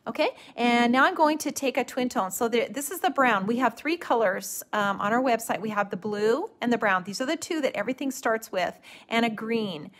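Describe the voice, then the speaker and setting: A middle-aged woman leads a live craft demonstration, her voice pitched a little above the usual. She talks in an easy, patient way and often circles back to restart a phrase. She sounds like she is walking viewers through each step. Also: fairly quick, few pauses. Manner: relaxed, gently instructive, with frequent restarts. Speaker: watercolor stamping instructor.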